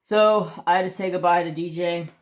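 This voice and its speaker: A man's voice: high-pitched, fairly even intonation, normal speed. A man casually telling a long personal story on his crafts channel, rambling with restarts and mild swearing. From United States.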